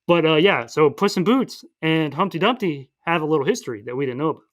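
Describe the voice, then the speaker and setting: A man's voice: a little high, lively intonation. A man co-hosting a podcast who recaps a film in casual, rambling chat. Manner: rambling, retells scenes with quick voiced asides. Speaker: podcast co-host.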